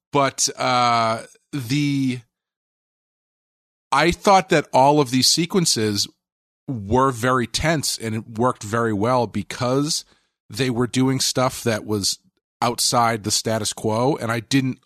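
A man co-hosting a podcast, talking casually in halting restarts with deadpan jokes. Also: medium pitch, dry recording, clean studio sound. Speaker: podcast co-host.

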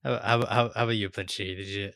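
A male podcast host with a lowish, forceful voice. He talks in loose, casual chat, tripping over repeated words and swearing freely. The sound is close and dry. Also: steady tone, quick pace, vocal fry, dry recording.

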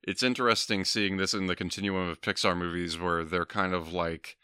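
A man co-hosting a film podcast in casual chat, speaking in a measured, hesitant way with many restarts. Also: deep voice, little pitch movement, bright, forceful tone, smooth, no room sound, clean studio sound. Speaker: podcast co-host.

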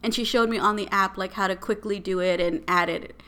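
A woman, telling a story as a podcast co-host in a casual, animated and exasperated way. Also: medium pitch, fairly quick. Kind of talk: casual chat.

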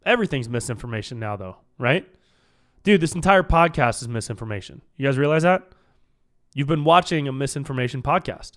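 A man's voice: mid-range voice, animated, brisk, a bit bright. Dude talking solo on his podcast, rambly, swears a lot, keeps saying dude. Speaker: podcast host. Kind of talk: casual solo podcast chat.

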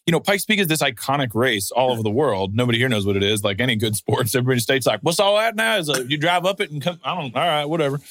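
Man, bright voice, dry sound, animated, profane storyteller, casual podcast chat. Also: medium pitch, racing, hardly any pauses, dry recording. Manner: animated storyteller, jokey impressions, swears freely. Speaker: podcast guest, former hill-climb racer.

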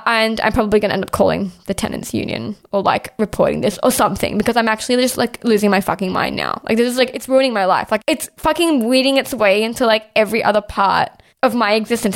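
This young adult from Australia hosts a podcast and rants casually in a fairly high, creaky voice. She sounds exasperated, swears a lot, and fills her speech with "like."

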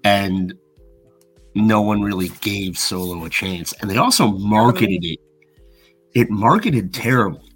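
A man co-hosting a podcast in casual chat, an animated storyteller who acts out quotes. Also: on the low side, a little slow, breathy edge, faint music behind. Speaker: podcast co-host.

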